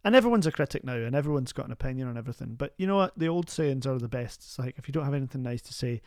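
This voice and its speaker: Wry man, lively and deadpan. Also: mid-range voice, no echo, studio quality. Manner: wry, deadpan, quick with jokes. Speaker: podcast guest, comedian. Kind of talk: casual podcast interview.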